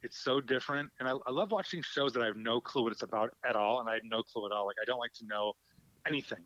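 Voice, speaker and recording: A man's voice: medium pitch, fast, a bit bright. A friendly middle-aged man calling in as a guest, chatting casually and laughing easily. His voice comes over a dull, muffled line with no room echo. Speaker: guest on a phone call. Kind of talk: casual chat. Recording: dull dry phone line.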